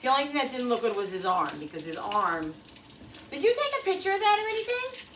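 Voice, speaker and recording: Speaking fast in a high, fairly bright voice with big pitch swings, a middle-aged woman vlogger rambles through a long, emotional personal story with restarts, asides, and plenty of "you know"s. Dishes clatter in an echoey kitchen, heard from far off, with slight background noise.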